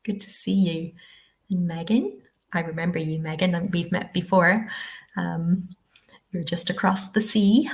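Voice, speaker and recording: A woman's voice: lowish voice, steady tone, measured pace. A woman from the west of Ireland, presenting a live online teacher-training webinar in a chatty, encouraging way, often checking with "okay?".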